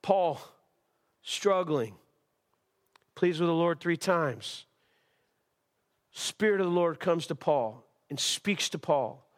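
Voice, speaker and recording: A man preaches to his congregation in a slightly high voice. He is impassioned, repeating himself and circling back as he builds each point. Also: lively intonation, slow, pauses often. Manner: impassioned preaching with repetitions and restarts. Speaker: pastor. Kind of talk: sermon. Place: church service.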